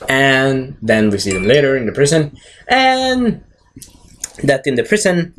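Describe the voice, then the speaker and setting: A man's voice: medium pitch, animated, unhurried, a little hiss or hum. A man giving a rambling, casual movie recap, jumping around and swearing now and then. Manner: rambling, jumps around, frequent fillers and swearing. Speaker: movie reviewer.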